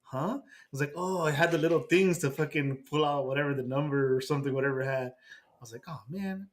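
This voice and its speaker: A man co-hosting a podcast in casual chat, excitable and swearing now and then. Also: mid-range voice, fast. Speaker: podcast co-host.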